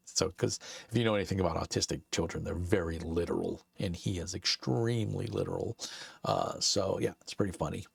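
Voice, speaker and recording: Gravelly low-voiced Brooklyn man chatting. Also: steady tone, fairly quick, no echo. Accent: Brooklyn New York. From Brooklyn, New York. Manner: rambling and chatty, lots of uh fillers and laughs. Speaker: streamer and channel host. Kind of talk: casual live-stream chat. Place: his home basement.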